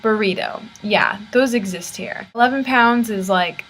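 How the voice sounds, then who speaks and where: A woman's voice: mid-range voice, a little slow, a bit bright, rough recording. Young American woman, casual vlogger, laptop mic in a dorm room, chatty and exasperated. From United States. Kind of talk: casual vlog talk. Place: university room. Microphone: laptop built-in camera mic.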